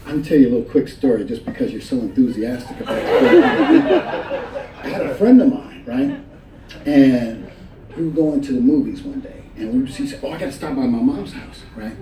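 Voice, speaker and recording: A man performing a stand-up comedy set on a club stage, telling stories animatedly and jumping into high voices for the people he quotes. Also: sing-song, normal speed, recorded from a distance. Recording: roomy live club recording, crowd laughter.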